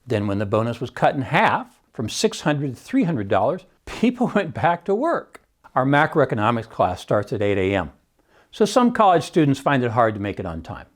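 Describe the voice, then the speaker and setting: A man who teaches economics talks through his prepared commentary with a lively, swooping pitch. He is emphatic, often opens a point with "see," and drops in wry asides along the way. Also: normal speed. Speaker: economics professor hosting a Christian podcast.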